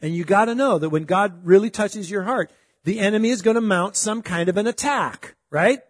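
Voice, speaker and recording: A man's voice: high voice, normal speed, dry recording, studio quality, in a large hall. A middle-aged man preaching a sermon in a conversational, emphatic way, often asking his listeners questions. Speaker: pastor.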